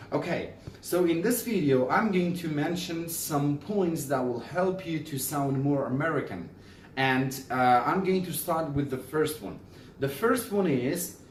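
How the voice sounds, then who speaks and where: A man teaching pronunciation in a casual video lesson, explaining slowly and repeating example words. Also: mid-range voice, darkish tone, a little hiss or hum. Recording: roomy echo, mic at a distance.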